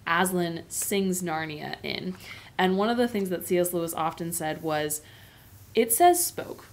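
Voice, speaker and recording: A woman's voice: fairly low pitch, moderate pace. A woman in a casual, explanatory tone, teaching a lesson on a novel. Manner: explanatory and conversational. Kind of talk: book lesson.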